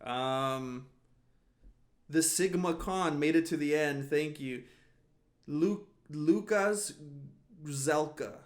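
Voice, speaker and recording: A man's voice: fairly high pitch, drawn-out words, long pauses. A man hosting a casual solo podcast, rambling and often laughing as he restarts his sentences. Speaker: podcast host.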